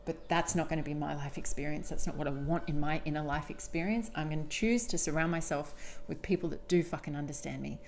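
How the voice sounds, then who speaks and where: Low-voiced woman podcaster, emphatic and candid. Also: a little fast, darkish tone, slight background noise. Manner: emphatic, frequent swearing; candid, confessional. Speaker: podcast host. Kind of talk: solo podcast monologue.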